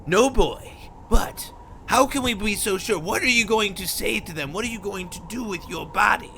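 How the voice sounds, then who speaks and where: Man putting on a high, eager Migash. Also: normal speed, creaky, pushed and bright, slight background noise, full character voice. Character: eager pushy companion Migash.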